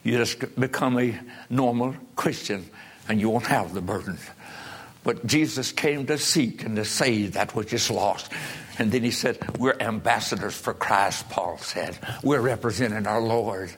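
A man preaching a revival sermon, impassioned, swinging from low pleading to shouted peaks. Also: measured pace, breathy edge.

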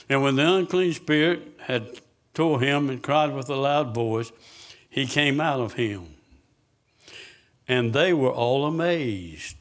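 Slow-talking preacher man. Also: mid-range voice. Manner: asks the congregation questions and answers them himself. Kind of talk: sermon.

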